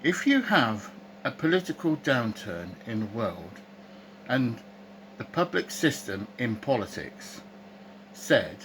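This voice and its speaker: A man's voice: mid-range voice, big pitch swings, slow pace, fairly bright tone, slight background noise, low-quality recording. A man, delivering an opinionated monologue to camera, ranting, asking rhetorical questions and speaking scornfully. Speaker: political commentator.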